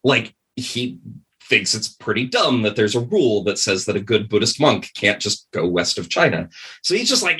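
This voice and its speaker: A man tells a story as a podcast guest, rambling casually and leaning on fillers. His pitch moves around a great deal, and his voice sounds bright. It also has a noticeably husky edge. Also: normal speed. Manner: rambling, animated, many fillers. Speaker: podcast guest, game designer.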